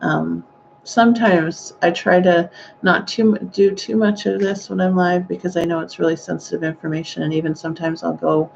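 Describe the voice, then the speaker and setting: Gentle gravelly-voiced woman medium. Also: on the low side, fairly even intonation, normal speed, few pauses, muffled recording, a little hiss or hum. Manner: gentle, hesitant, with sighing exclamations. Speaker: psychic medium. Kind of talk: live-streamed psychic reading.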